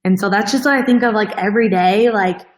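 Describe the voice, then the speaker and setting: A woman's voice: mid-range voice, fairly quick, poor audio. A woman hosting a fitness coaching show, talking casually and earnestly to her followers, emotional and close to tears, with many fillers. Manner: earnest, heavy use of "like" as filler. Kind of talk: casual heartfelt talk to followers.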